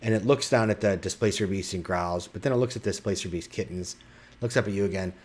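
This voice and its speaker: Husky deep-voiced game master. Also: male voice, quick pace. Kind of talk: narrating a tabletop game.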